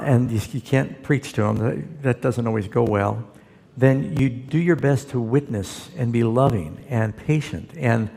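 A man's voice: medium pitch, vocal fry, a little mellow, in a large hall. A man, a pastor, answering Bible questions in a folksy, storytelling way. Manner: folksy storytelling, quotes scripture. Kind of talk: conversational Bible Q&A.

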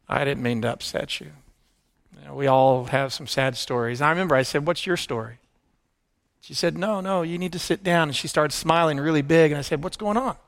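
A middle-aged man preaching by telling his own testimony, earnest and hushed at tender moments, rising with excitement. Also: medium pitch. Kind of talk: sermon storytelling.

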